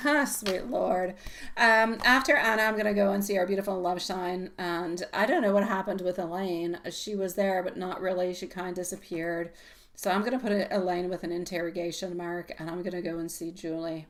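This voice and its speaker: A woman giving a live tarot reading, chatting warmly with viewers, calling them sweetie and laughing often. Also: on the low side, steady tone, brisk. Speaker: tarot reader.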